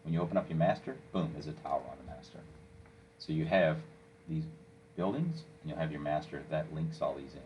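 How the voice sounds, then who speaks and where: A man walking a listener through software step by step, coaching and checking in with "okay?" as he goes. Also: very deep voice, a little fast, muffled recording, slight background noise. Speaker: software instructor. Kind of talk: screen-recorded software tutorial.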